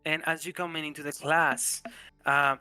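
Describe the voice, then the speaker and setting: A man's voice: fairly high pitch, level tone, normal speed, pushed and bright, clean tone, no echo, faint music behind. A man narrating a tabletop game as game master, in a loose, casual way.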